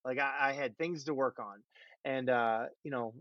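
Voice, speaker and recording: A man's voice: medium pitch, normal speed, no room sound. Self-mocking middle-aged man, muffled sound. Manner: self-deprecating, laughing storyteller. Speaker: former pro quarterback. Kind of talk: casual conversation. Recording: dull, dry muffled audio.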